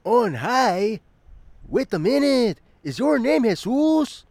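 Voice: medium pitch, big pitch swings, slow pace, a little mellow, no echo, heavily acted. Someone doing a hotheaded gangster. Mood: tough. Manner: swaggering, swears in Spanish. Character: tough male street gangster, hotheaded.

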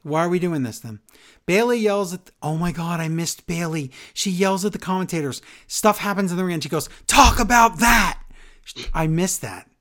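A man's voice: high-pitched, a little fast. A man co-hosting a podcast, ranting sarcastically in a casual wrestling recap. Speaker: podcast co-host.

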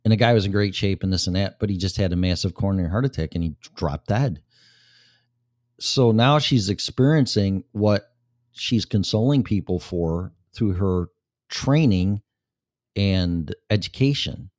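A man's voice: low voice, moderate pace, darkish tone, no echo, clean studio sound. A man hosting a show, talking casually and bluntly to a listener with plenty of swearing. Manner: blunt, profane, talks straight to a listener. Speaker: show host.

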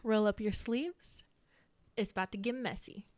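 A woman's voice: mid-range voice, unhurried, a little mellow, no echo. Young woman, podcast co-host, chatty and loose, dry close-miked sound. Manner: chatty, laughing, rambling storyteller. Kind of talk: casual chat.

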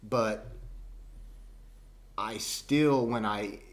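Man, Georgian Southern accent, fairly low voice, rambling podcast chat. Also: very slow. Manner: rambling, many restarts. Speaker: podcast host. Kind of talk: casual chat.

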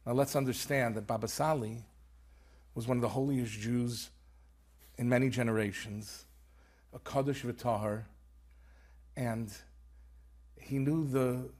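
A man's voice: mid-range voice, fairly even intonation, a little slow, pauses often, a little mellow. A man, an author and rabbi, telling a story earnestly in conversation and peppering it with Hebrew terms. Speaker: author guest.

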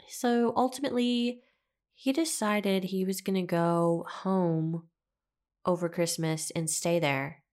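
A young woman with a lowish voice, chatting through a personal story straight to the listener. She is candid and swears freely, and she laughs at herself along the way. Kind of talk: casual storytime monologue.

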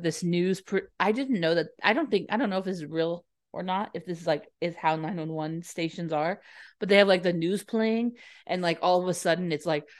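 A young woman chatting casually, retelling a movie plot with lots of laughs and quick acted-out lines. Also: lowish voice. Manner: giggly, acts out lines in quick voices. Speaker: podcast co-host.

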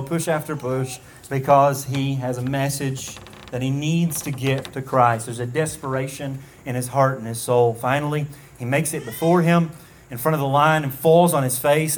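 A man preaching an expository sermon, earnest and measured, with frequent ums and restarts. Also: fairly high pitch, slight background noise.

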